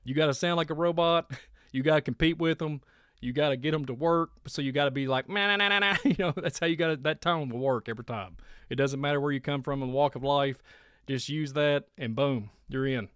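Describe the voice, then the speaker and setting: Rambling and quick to laugh, a male host from Kentucky with a country accent delivers a casual radio-style monologue. The medium-pitched voice is smooth, brisk, and evenly intoned, recorded dry at studio quality.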